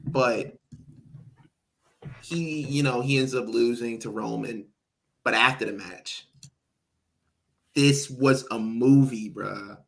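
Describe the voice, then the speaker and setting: A man's voice: medium pitch, takes it slowly, vocal fry, pauses often. A man co-hosting a podcast in casual chat, animatedly recapping a wrestling match and acting out what people said. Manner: animated recapping, acts out quotes. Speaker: podcast co-host.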